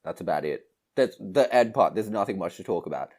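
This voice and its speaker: A man co-hosting a podcast, chatting casually about a movie, retelling scenes with animated laughter. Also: low-pitched, brisk. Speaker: podcast co-host. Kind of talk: casual movie review chat.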